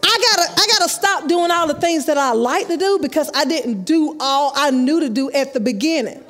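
High-voiced woman preaching in echoey church. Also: a little fast. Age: 30s. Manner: lively, acts out dialogue, laughs often. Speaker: youth conference speaker. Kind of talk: storytelling sermon. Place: large church sanctuary, live. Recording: live church hall with long echo.

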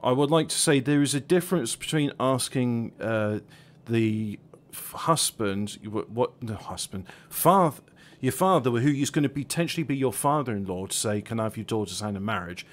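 A man's voice: mid-range voice, animated, moderate pace. A man in casual chat with stream viewers, hesitant and stumbling, restarting his sentences often.

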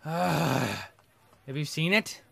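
Lively grumbling male gamer. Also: fairly high pitch, slow, vocal fry, slightly rough. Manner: grumbling, sarcastic, talks to the audience. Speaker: let's play gamer. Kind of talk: gameplay commentary.

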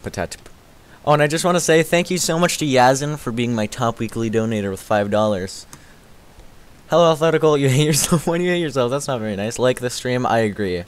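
A man's voice: mid-range voice, expressive, a little fast, smooth. A young man streaming a game, chatting casually, goofy and self-mocking, trash-talking, singing snatches of songs. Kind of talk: casual gaming stream commentary.

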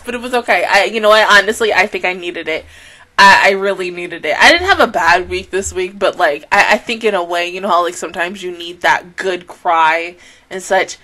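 A young woman reviewing an anime episode in a casual, emotional way, gushing and laughing through tears, then softer and lower when she calms down. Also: normal speed. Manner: gushing, tearful, laughing between words. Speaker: anime reaction YouTuber.

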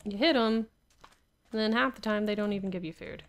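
A young woman plays Minecraft and talks to herself through this survival game, laughing a lot and grumbling in exasperation. Her voice is mid-range and fairly quick.

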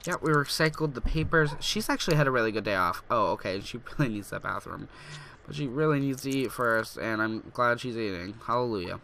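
Brief: excitable young male gamer reading game text aloud, bright tone. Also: medium pitch, gravelly, slight background noise. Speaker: gaming YouTuber. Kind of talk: let's play commentary.

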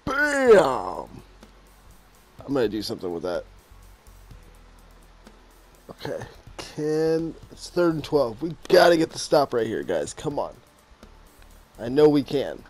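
A man in his thirties narrates his football video game at an unhurried pace. His pitch moves around a lot as he shifts between low grumbling asides and loud, exasperated, swearing outbursts. Faint game music sits behind his voice. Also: sing-song. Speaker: gaming YouTuber playing a football video game. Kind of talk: casual live gameplay commentary.

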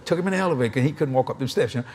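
A middle-aged man preaching a sermon at a convention, an animated, joking storyteller. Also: mid-range voice, very fast, husky.

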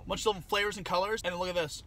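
A man's voice: high-pitched, steady tone, very fast, background noise. A man doing a goofy, sarcastic snack taste-test vlog, often slipping into silly bits. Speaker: vlogger.

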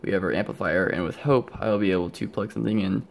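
His voice sits low and creaky and moves quickly, with a faint hiss or hum behind it. He's a young hobbyist vlogger rambling about his electronics build in a casual show-and-tell, drowsy, yawning and interrupting himself. It was shot on a handheld camera at home.

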